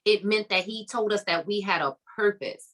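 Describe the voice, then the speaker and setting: Bright emphatic woman hosting a summit. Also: medium pitch, normal speed, rough recording. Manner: emphatic, preacher-like, repeating phrases with "come on" and "okay". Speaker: summit host. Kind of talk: encouraging faith-based talk to a live online audience.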